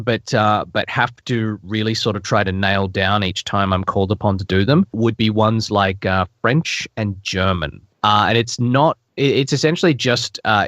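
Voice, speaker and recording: A man, a voice actor, answering interview questions in a thoughtful, rambling way, often restarting his sentences and pausing on fillers. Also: fairly low pitch, fairly bright tone, no room sound, studio quality. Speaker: voice actor guest.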